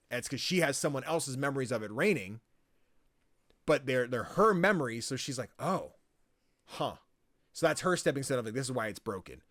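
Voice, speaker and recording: A man at a mid pitch talks through a game's story in loose, rambling podcast chat, peppered with "like" and frequent swearing. His voice sits close and dry, with no room sound around it. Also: lively intonation, a little fast, a bit bright, no room sound. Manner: rambling, swears freely, lots of likes and ums. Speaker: podcast co-host. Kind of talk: casual game recap chat.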